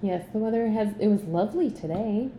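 Brief: woman co-host, mellow lowish voice, dry teasing banter, echoey room. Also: a little hiss or hum. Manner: dry, teasing quips with quick laughs. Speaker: podcast co-host. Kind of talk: casual chat. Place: apartment room. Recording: echoey room, faint ambience.

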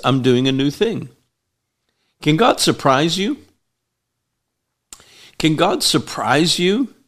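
A man preaching a sermon, rising loud and emphatic on key lines. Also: medium pitch.

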